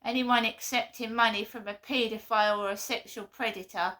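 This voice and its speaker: A woman's voice: on the high side, steady tone, fairly quick, a bit bright. A woman giving a blunt, earnest vlog monologue, often repeating herself. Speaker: vlogger. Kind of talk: impassioned monologue.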